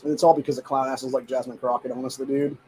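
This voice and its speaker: A man's voice: medium pitch, level tone, quick pace, mellow, a little hiss or hum, poor audio. A man hosting a show, ranting angrily in heated, profane, rambling commentary full of fillers. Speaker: show host. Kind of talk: angry political commentary rant.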